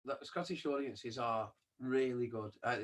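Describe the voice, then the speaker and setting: A musician speaking in casual interview chat, thoughtful and a little hesitant. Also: male voice, medium pitch, measured pace.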